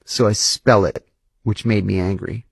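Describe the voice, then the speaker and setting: Husky-voiced man telling stories in an interview. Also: fairly low pitch, unhurried, no echo. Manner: animated, acts out quoted dialogue. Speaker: interview guest, former intelligence officer. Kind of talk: conversational interview storytelling.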